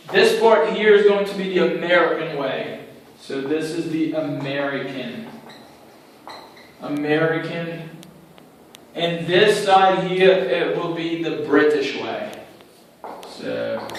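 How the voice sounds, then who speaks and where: A male English teacher giving a whiteboard grammar lesson, explaining slowly and repeating each point step by step. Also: fairly high pitch. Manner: slow, repetitive, explaining step by step. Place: room with a writing board. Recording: very echoey room, far from mic, faint noise.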